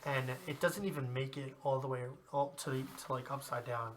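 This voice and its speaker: Bright-voiced game master narrating. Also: male voice, medium pitch, fairly even intonation, brisk, a little hiss or hum. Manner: casual, laughing often while narrating.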